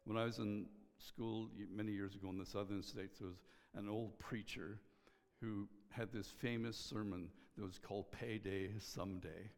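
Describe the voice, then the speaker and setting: Low-voiced preacher in a reverberant hall. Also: male voice, fairly even intonation. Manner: earnest, pausing, drops to a soft hush on key lines. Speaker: pastor. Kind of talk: sermon.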